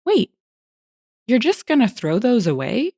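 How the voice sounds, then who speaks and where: A woman voicing a dim, penny-pinching male customer who keeps asking puzzled, insistent questions, in a lively, slightly raised voice. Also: medium pitch, moderate pace, gravelly, no room sound, clean studio sound. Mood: confused.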